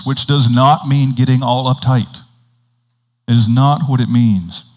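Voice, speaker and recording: Man, sermon, conversational preaching, middle pitch, acts out quick dialogues, checks in with listeners. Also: steady tone, darkish tone, long reverb tail, low-quality recording. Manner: conversational preaching, acts out little dialogues, asks the congregation "right?". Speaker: priest.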